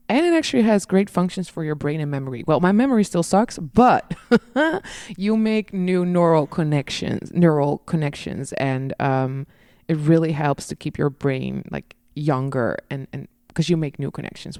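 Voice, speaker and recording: A woman's voice: sits low, darkish tone, dry recording, clean studio sound. A woman guest on a podcast, talking casually and animatedly about dance, laughing at herself and acting out little quotes.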